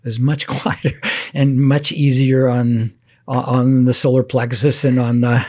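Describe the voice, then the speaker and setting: Older male guest, halting storyteller, laughs softly as he talks. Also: mid-range voice, level tone. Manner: halting, many restarts and soft laughs. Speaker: interview guest. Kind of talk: casual storytelling interview.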